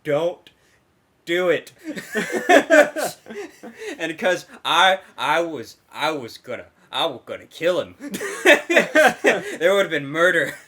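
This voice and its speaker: A man's voice: a little high, huge pitch swings, slow pace, bright, forceful tone. A young man co-hosting a casual podcast, telling a story with lots of laughter and casual swearing. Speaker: podcast co-host.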